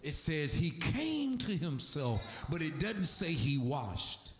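An animated male preacher delivers his sermon with a voice that swings widely. He rises to high, excited peaks as he drives his points home. The sound rings around a reverberant room. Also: slow pace, faint music behind. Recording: echoey room.

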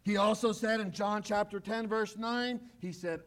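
A man preaching a sermon with emphasis, swinging from loud declarations to quiet, low asides. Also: steady tone, a little slow, hardly any pauses. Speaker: pastor. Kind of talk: radio sermon.

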